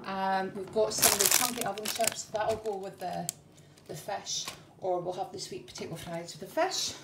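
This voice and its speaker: A woman's voice: medium pitch, little pitch movement, moderate pace. A middle-aged woman, chatting through her grocery haul in a homely way, full of ums and a little out of breath. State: a bit out of breath. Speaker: vlogger. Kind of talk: casual grocery haul chat. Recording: echoey room, faint noise.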